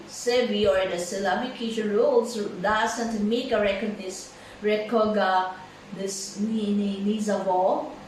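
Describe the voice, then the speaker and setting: Slow woman teacher in an echoey room. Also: mid-range voice, recorded from a distance, slight background noise. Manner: slow, halting, many fillers and repeated words. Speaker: English pronunciation teacher. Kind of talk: slow classroom lesson.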